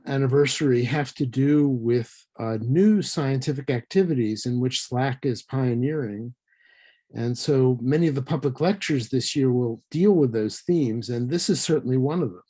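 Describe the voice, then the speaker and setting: A man introducing a guest speaker at a public science lecture, pausing often with fillers. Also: mid-range voice, dark tone. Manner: hesitant, frequent uh fillers. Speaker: lecture series host.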